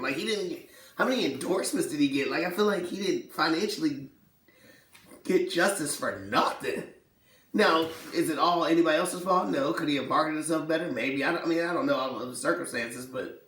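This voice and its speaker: Animated man in an echoey room. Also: a little high, recorded from a distance. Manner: animated, slangy, quick to laugh, acts out quotes. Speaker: sports talk host. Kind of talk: casual sports talk. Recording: echoey room, voice set back from the mic.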